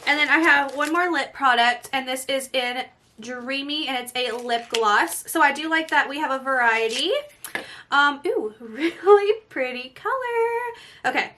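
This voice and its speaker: Woman beauty vlogger, high bright voice, gushing and excitable, casual unboxing talk. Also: a little slow, slight background noise. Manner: gushing, excitable, often breaks into soft exclamations.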